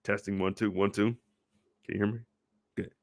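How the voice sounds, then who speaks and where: A man hosting a casual, joking recap of a TV episode, animated and profane. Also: fairly low pitch, normal speed. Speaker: YouTube show recap host. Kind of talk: casual comedic commentary.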